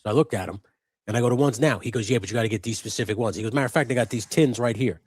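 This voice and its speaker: A man co-hosting a live stream, telling an animated, profanity-laced story in casual chat. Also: medium pitch, racing, slightly rough, dry recording. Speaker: co-host of a live customizing stream.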